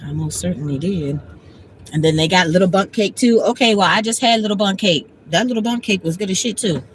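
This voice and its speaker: A woman's voice: mid-range voice, brisk, noisy background. A woman, blunt and talking about herself by name in a casual livestream monologue. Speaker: vlogger.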